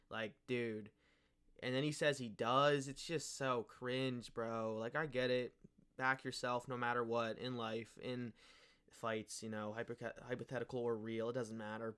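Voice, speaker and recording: A young man rants in casual commentary, heavy on slang and cursing. He mocks his target with offhand scorn. His voice sits at an ordinary middle pitch. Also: fairly even intonation, measured pace, a bit bright, clean tone. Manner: slangy, mocking, swears a lot. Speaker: MMA commentary YouTuber.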